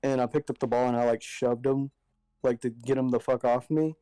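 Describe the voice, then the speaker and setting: Laid-back young man, mellow dry voice. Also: mid-range voice, fairly even intonation, fairly quick, no echo, rough recording. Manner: laid-back storyteller, swears a lot. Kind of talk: casual chat.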